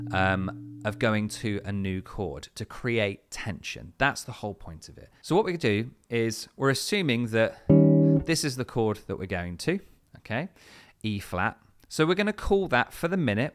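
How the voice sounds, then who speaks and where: A man teaching guitar step by step, in a patient, explanatory way with frequent fillers. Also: medium pitch. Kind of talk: step-by-step music lesson. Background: his own guitar playing between phrases.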